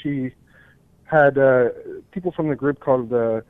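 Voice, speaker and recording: A man who is a writer, a guest on a radio show, answering earnestly and haltingly with many ums. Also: medium pitch, no echo. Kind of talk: phone-in interview. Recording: tinny phone line.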